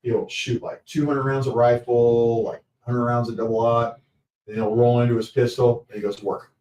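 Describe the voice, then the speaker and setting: A man telling lively stories on a podcast recorded live at an event, laughing often and acting out what people said. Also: mid-range voice, moderate pace, distant mic. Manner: energetic, laughs often, acts out quotes. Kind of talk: animated storytelling. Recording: echoey, off-mic at a live show.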